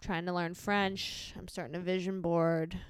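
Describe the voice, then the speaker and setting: A woman's voice: on the low side, little pitch movement, unhurried, clear, resonant tone, no room sound, clean studio sound. Laid-back young woman chatting on a podcast. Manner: storytelling, frequent laughter and quoted voices. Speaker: podcast co-host. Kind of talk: casual chat.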